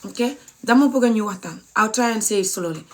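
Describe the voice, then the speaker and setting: A Gambian woman teaches a casual language lesson on social media, repeating words and spelling them out letter by letter. Her voice is fairly high, animated, fast and darkish in tone. She's a chatty language teacher who calls her viewers "guys."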